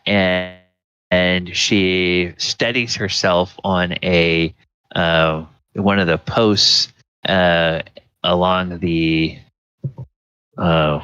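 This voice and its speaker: A man with a low, deep voice runs a tabletop game at an unhurried pace, stopping often for fillers as he narrates. The sound is dull and muffled, with no room echo. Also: steady tone, pushed and bright, clear, resonant tone. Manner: halting, many fillers. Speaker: game master.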